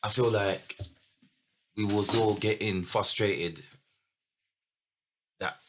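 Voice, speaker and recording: A man's voice: lowish voice, steady tone, takes it slowly, fairly bright tone, slight background noise. A man, a guest in a casual interview, talking bluntly and swearing freely when heated. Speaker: guest, former group member.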